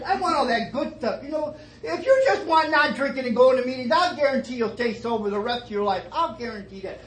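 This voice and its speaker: A middle-aged man telling his story at a twelve-step meeting, starting low and emotional and rising to fervent emphasis, with many repeated phrases. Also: fairly bright tone. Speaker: recovering alcoholic sharing his story. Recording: echoey meeting room, faint noise.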